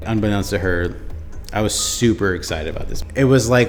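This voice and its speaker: Laid-back young man, low voice. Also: moderate pace, soft background music. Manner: laid-back, filler-heavy, says "dude" and "like". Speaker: interviewee. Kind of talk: casual storytelling.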